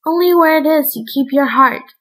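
Woman reader doing a clever fairy-tale princess, gentle and coaxing, bright high voice. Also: normal speed, poor audio. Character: clever young princess held by giant.

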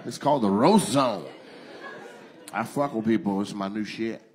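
A man's voice: lowish voice, normal speed. A male stand-up comedian doing crowd work, teasing and roasting the front row in a profane style. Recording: live stand-up show with loud crowd laughter.

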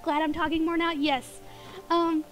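A woman's voice: extremely high pitch, flat delivery, unhurried, a bit bright, faint music behind. A woman with a Southern accent from around Tennessee, chatting casually on a gaming stream, giggling often and sometimes stuttering over her words. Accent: Southern US, Tennessee area. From southeastern United States. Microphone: desk microphone.

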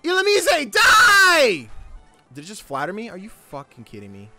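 A man's voice: on the high side, sing-song, fast, music in the background. A man chatting casually while streaming a video game, playful and laughing, swearing now and then. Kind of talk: casual gameplay chat.

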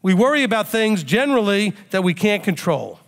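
A man's voice: high voice, big pitch swings, a little fast. A man preaching a sermon as a rabbi, teaching in a conversational way and now and then acting out a panicked outburst. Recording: reverberant hall.

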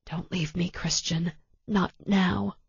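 A woman reading an audiobook voices a female detective, speaking softly and emotionally, close to tears. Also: mid-range voice, measured pace, no echo, highs cut off. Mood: tender. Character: female detective, tender and frightened for her partner.

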